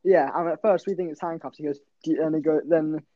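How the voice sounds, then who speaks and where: A man's voice: on the high side, fairly even intonation, fast talker, warm tone, no echo. Man, young adult, rambling storyteller, swears, laughs, muffled dry recording. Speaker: podcast co-host. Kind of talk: casual storytelling chat. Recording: dull lo-fi dry sound.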